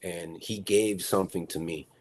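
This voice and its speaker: A middle-aged man, an actor, telling stories in a casual interview, animated and stammering, often repeating words. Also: low-pitched, normal speed. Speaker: actor guest.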